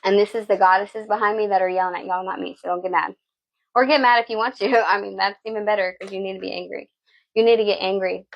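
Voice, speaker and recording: Woman doing a tarot reading, gravelly voice, blunt and sweary, keeps saying okay, lo-fi sound. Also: mid-range voice, steady tone, fast talker, a little hiss or hum. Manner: blunt, profane, preachy, repeats "okay?". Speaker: tarot reader. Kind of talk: live tarot reading talk.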